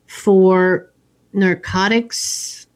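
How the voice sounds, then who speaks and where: Woman slowly walking thru a movie plot, casual chat, does the lines of the characters. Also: mid-range voice, steady tone. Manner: slow, storytelling with acted quotes.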